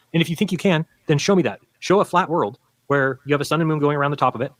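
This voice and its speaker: A man who used to be a flat earther arguing in a debate, explaining insistently and acting out what other people say. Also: a little high, dry recording. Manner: rapid, insistent explaining with quoted voices. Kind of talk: debate argument played from a recorded stream.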